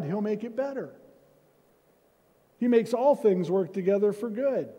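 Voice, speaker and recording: A man's voice: high voice, warm tone, husky. A man preaching a sermon as senior pastor, in a conversational way with self-deprecating humor, recorded in a church sanctuary. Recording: reverberant church hall.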